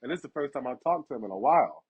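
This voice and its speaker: A man's voice: very fast, breathy edge. A young man hosting a casual chat, telling personal stories with laughter and acting out the people in them. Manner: animated, laughs through stories, acts out quotes in a higher voice. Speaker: podcast host. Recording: dull lo-fi sound.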